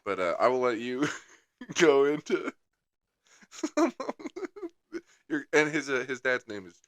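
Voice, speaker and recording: A man's voice: mid-range voice, big pitch swings, slow, a bit bright, dry recording. A young man co-hosting a podcast, chatting casually in a wry, teasing, profane way. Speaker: podcast co-host. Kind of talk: casual chat. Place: studio.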